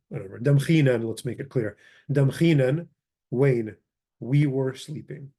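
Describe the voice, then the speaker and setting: A man teaches a grammar lesson in a casual, talky way, reading from a book and stopping to correct himself. His voice is mellow and dark, at an ordinary middle pitch. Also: a little slow, breathy edge. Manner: casual, thinks aloud, corrects himself, mutters asides. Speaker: language teacher.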